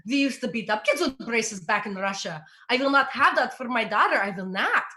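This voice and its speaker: A woman voicing her strict, stubborn Russian father, who flatly refuses. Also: a little high, a little fast. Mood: stern. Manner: firm, stubborn.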